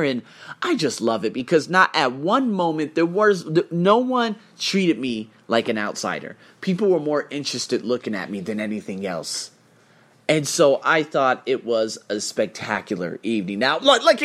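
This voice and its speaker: A man's voice: a little high, fairly bright tone. A man casually recapping his travels as a vlogger, rambling and storytelling with lots of fillers, talking from indoors on a rainy day. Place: indoors in a hotel room during rain.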